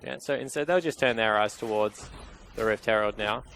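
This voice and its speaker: A man's voice: lowish voice, brisk, vocal fry, a bit bright, a little hiss or hum. A man giving analytical color commentary on an esports match, with dry teasing banter toward his co-caster.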